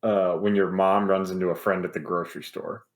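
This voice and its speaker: A man's voice: deep voice, level tone, brisk. A man co-hosting a podcast, cracking jokes in casual banter. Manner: wisecracking banter. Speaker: podcast co-host. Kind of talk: casual chat.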